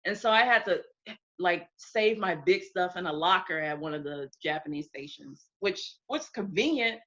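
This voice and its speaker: A lively woman from the United States recounts stories in a casual interview, her bright voice leaping across a wide range. She laughs, swears freely and acts out quotes. The recording is dull and lo-fi. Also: lowish voice, moderate pace. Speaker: interview guest.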